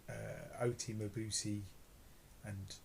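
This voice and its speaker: A man with a London accent and a low, gravelly voice chats in a casual home vlog. He rambles and hesitates over his words, with a faint hiss behind him. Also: flat delivery, slow, poor audio. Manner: rambling, hesitant, filler-heavy. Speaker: vlog co-host. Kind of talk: casual chat.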